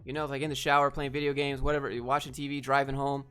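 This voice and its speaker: A man on a casual livestream answering chat questions in a laid-back, low-energy way. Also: flat delivery, quick pace, pushed and bright, clean tone, faint music behind.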